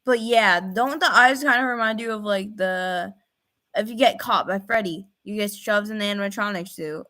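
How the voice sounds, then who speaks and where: A young woman in casual reaction commentary, excitable, thinking out loud with fillers and repeated phrases. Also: medium pitch, normal speed. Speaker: reaction video host.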